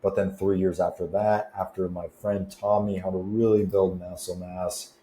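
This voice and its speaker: A man's voice: low-pitched, level tone, moderate pace, mellow. A young man coaching fitness and confidence in a laid-back, slangy, chatty way. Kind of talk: casual advice vlog. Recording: roomy echo with faint noise.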